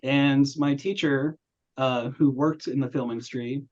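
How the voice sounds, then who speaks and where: A young man hosts a film review chat, casually telling stories and acting out the voices of people he quotes. His medium-pitched voice is a little slow, and the audio is dull and lo-fi.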